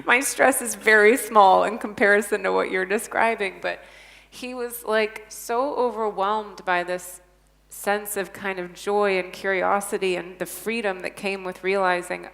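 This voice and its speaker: A woman's voice: mid-range voice, fairly even intonation, a little slow, vocal fry, a bit bright. Woman speaking in an echoing hall. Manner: earnest, emphatic, enthusiastic. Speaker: conference speaker. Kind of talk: panel discussion storytelling. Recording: long reverb of a conference hall.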